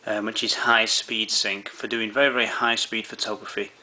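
In a lowish, flat voice at normal speed, pushed and bright, a man presents a camera tutorial. He walks through the menu settings step by step, relaxed, with frequent fillers and restarts.

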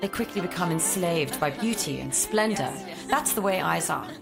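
A woman giving a measured, moralizing voice-over narration in a dubbed drama. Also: lowish voice, animated, creaky. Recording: voice-over with loud music score.

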